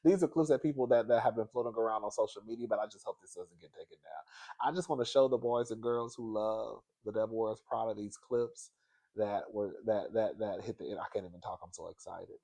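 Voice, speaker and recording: A man hosting a casual pop culture gossip vlog, animated and chatty, who calls his viewers girl and baby and jumps into a high, laughing voice when he gets excited. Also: brisk, vocal fry. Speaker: vlog host.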